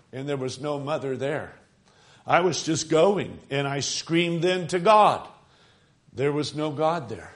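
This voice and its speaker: Slightly high-voiced man preaching dramatically. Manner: dramatic storytelling, slowing and rising for emphasis. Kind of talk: sermon retelling a story.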